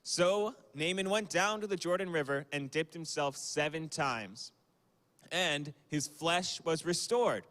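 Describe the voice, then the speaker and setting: Young guy preaching to a youth group, kinda high voice, lots of hall echo, chatty with ums. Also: unhurried, a bit bright. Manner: casual, conversational, with fillers and small apologies. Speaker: youth speaker. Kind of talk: youth sermon on a livestream. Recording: long hall reverb.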